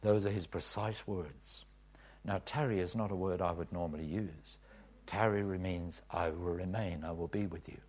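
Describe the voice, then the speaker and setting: A man preaching a testimony in a sermon, swinging from hushed whispers to loud cries. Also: low-pitched, steady tone, normal speed, breathy edge. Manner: dramatic swings from whispers to shouts.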